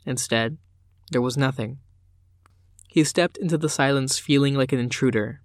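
A man narrating a dark fantasy audiobook in a measured, unhurried manner. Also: medium pitch, no echo, clean studio sound.

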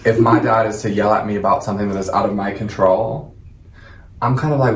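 Man, co-host, relaxed and conversational, distant from mic, echoey room. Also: lowish voice, fairly quick, slight background noise. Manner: relaxed, conversational, asks questions. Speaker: podcast co-host. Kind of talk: casual chat.

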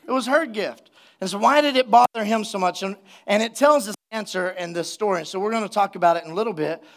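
High-pitched guy pastor preaching sunday sermon, chatty, pumped up, keeps asking the crowd for amens. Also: vocal fry. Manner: energetic, conversational, calls for congregation responses. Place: church sanctuary.

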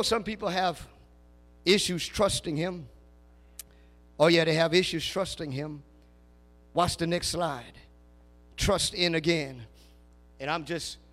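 High bright voiced preacher man, aave, slow call and response, shouts then drops low, big church reverb. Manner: swings from loud shouted calls to low quiet asides. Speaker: pastor. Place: church sanctuary. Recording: long hall reverb.

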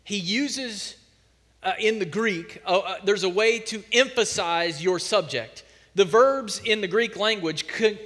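Animated preacher in an echoing church hall. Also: male voice, high-pitched. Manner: animated storytelling preacher, emphatic. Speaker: pastor. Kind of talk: sermon. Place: church sanctuary.

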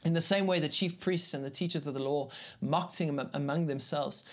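Man, pastor teaching a live online series, chatty and animated, reads scripture with emphasis. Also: fairly high pitch, a little fast, few pauses. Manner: conversational and animated, greets viewers in the chat. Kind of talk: live-streamed Bible teaching.

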